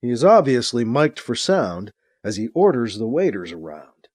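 A man narrating a science fiction audiobook in a dramatic, expressive reading. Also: medium pitch, normal speed, husky, no echo, studio quality. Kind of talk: audiobook narration, acting out scenes.

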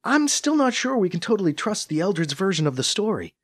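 A man's voice: high-pitched, very animated, a little fast, voice pushed up. A man voicing Anita, a skeptical woman who grumbles and speaks with sarcasm. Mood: doubtful.

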